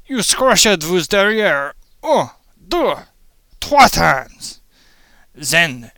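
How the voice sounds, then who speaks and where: A man's voice: on the high side, pushed and bright, clear, resonant tone, dry recording, full character voice. A man playing a vengeful male spider with a mock French accent, in a melodramatic comic monologue. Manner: melodramatic, villainous, theatrical. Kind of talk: comedic monologue.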